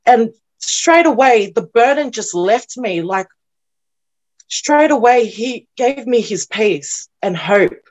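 Earnest woman sharing her testimony, halting. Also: a little high, animated, darkish tone. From New Zealand. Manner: earnest, halting, repeats words and restarts often. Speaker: interview guest sharing testimony. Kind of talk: emotional personal testimony.

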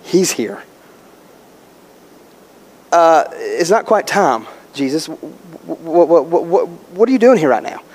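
A man's voice: a little high, very animated, takes it slowly, long pauses, a little mellow, slightly rough, voice pushed down, heavily acted. A preacher voicing a panicked, demon-possessed man who stumbles over his words, in a reverberant hall. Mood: flustered panic. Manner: stammering, nervous.

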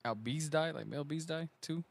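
A man's voice: a little high, normal speed, vocal fry, no room sound. A man co-hosting a podcast in casual chat, reacting with slang and laughter. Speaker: podcast co-host.

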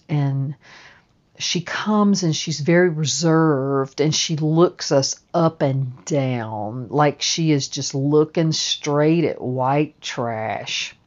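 A woman's voice: low voice, darkish tone, lo-fi sound. A woman telling a personal story in a casual, rambling way, with restarts and swearing.

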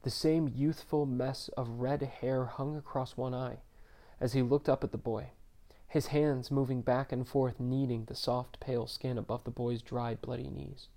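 A man narrating a story in a measured, subdued reading. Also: medium pitch, flat delivery, gravelly, warm tone.

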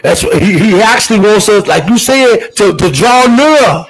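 A man hosting a faith podcast, answering his guest with quick affirmations and casual talk. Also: sits high, animated, rough recording. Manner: affirming call-and-response interjections. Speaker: podcast host. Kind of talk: casual chat.

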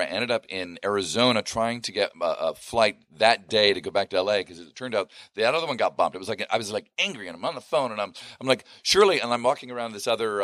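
A middle-aged man, a voice actor, telling lively anecdotes on a convention panel and acting out the quotes, often laughing. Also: lowish voice, dry recording, studio quality. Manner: animated storytelling with acted-out quotes and frequent laughs.

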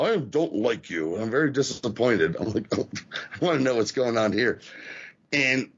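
A man chats on a podcast in a gravelly, slightly husky voice. His pitch jumps all over as he tells stories and mimics people, dropping swear words as he goes. The audio is a little dull and lo-fi. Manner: animated, swears a lot, acts out quoted voices. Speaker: podcast co-host. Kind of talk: casual profane wrestling podcast chat.

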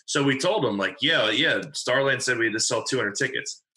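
A man in his twenties from New Jersey chats casually, telling a story and rambling with lots of fillers and swearing. His voice is bright and forward, and the room gives it a noticeable echo. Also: mid-range voice, lively intonation, fairly quick. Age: 20s. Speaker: podcast guest telling a story. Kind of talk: casual chat.

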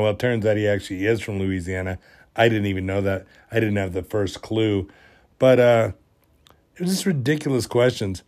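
A man's voice: on the low side, moderate pace, darkish tone. A man hosting a solo podcast, rambling in an exasperated way while he is sick with a cold. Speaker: podcast host.

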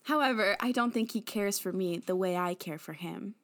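A woman's voice: medium pitch, moderate pace. A woman narrating fan fiction aloud to friends, giggling and commenting on the text as she goes.

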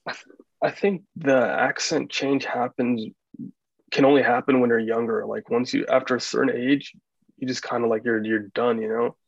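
A man with an East Coast American accent chatting casually on a podcast, relaxed and musing with lots of fillers. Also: medium pitch, moderate pace, gravelly, slightly rough, dry recording. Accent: Eastern US, Washington D.C. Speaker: podcast host. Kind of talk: casual chat. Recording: dull lo-fi sound.

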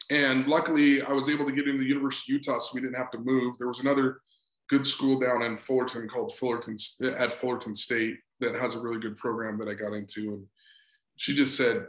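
A man in his forties, a sports psychologist as an interview guest, telling a personal story in a conversational way and acting out both sides of an old dialogue. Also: medium pitch. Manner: animated, acts out both sides of a remembered dialogue. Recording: roomy echo.

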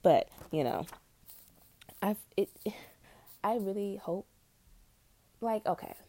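A young woman hosting a podcast, rambling in a blunt, profane, scattered way while high. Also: slow, dark tone, dry recording. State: high on weed. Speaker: podcast host. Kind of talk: casual rambling monologue.

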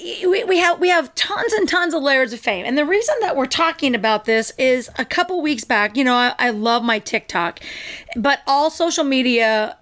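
Middle-aged woman, podcast co-host, slightly high voice, chatty and animated, casual talk. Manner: chatty, animated, quick asides and playful impressions. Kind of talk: casual chat.

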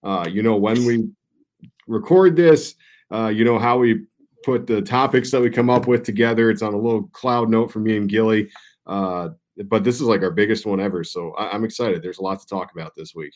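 A man's voice: fairly low pitch, fairly quick, darkish tone. A young man co-hosting a sports podcast, talking loosely and rambling, swearing casually. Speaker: podcast co-host.

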